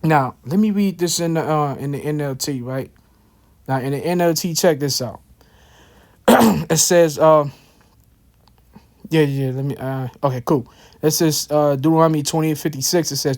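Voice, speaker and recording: A man's voice: a little high, moderate pace, a little mellow. Man in loose, slangy scripture talk. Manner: loose and slangy, many fillers and repeated asides. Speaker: religious teacher. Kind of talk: casual scripture commentary.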